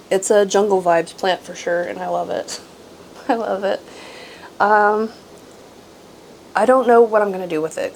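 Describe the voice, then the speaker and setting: A woman's voice: mid-range voice, a little hiss or hum, poor audio. Chatty woman rambling about houseplants. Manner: rambling and chatty, frequent "um"s and soft laughs. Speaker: houseplant channel host. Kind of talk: casual show-and-tell chat. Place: at home among houseplants, indoors. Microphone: camera she sometimes walks away from.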